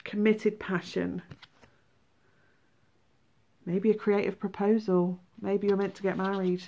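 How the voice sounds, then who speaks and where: Woman doing a tarot reading, lively, bursts of excitement. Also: medium pitch, slow, highs cut off. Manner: animated, exclaiming and acting out feelings. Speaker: tarot reader.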